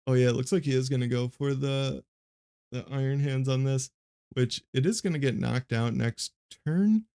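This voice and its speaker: Streaming a card game, a young man rambles through casual play-by-play, his delivery flat and monotone and full of filler words. His voice sits mid-range, moving at a moderate pace with a clean tone.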